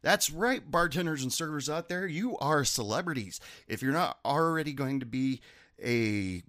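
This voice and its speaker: A man's voice: fairly high pitch, lively intonation, moderate pace, a bit bright, no room sound, studio quality. A man who has worked as a bartender, talking in a rambling, chatty way and correcting himself as he goes. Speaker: former bartender telling stories. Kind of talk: casual monologue.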